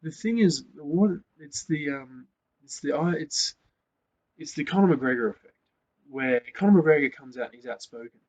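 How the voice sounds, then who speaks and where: A man hosting a casual sports rant, swearing often and growing loud and worked up. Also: fairly high pitch, animated, moderate pace. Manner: swears a lot, gets loud and fired up. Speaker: host. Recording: slightly dull lo-fi sound.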